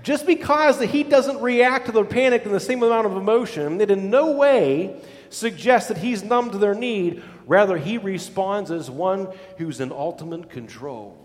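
A man preaching a sermon as pastor, dramatic, dropping to hushed low lines and then rising to loud exclamations. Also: animated, normal speed, in a large hall.

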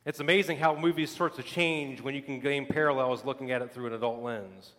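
A male pastor preaching a sermon, telling stories with lively emphatic repetition. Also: medium pitch, a little fast, long reverb tail. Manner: animated storytelling with emphatic repetition.

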